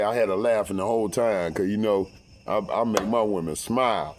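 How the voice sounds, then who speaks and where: A middle-aged man telling a story casually, profane and animated, acting out the voices. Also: on the low side, brisk, slight background noise. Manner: profane, animated, acts out every voice.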